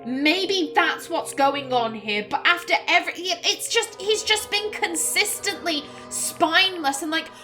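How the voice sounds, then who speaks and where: A woman hosting a let's play, reacting to a game in an exasperated, expressive way and swearing often. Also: very high voice, measured pace, few pauses, soft background music. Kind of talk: game commentary.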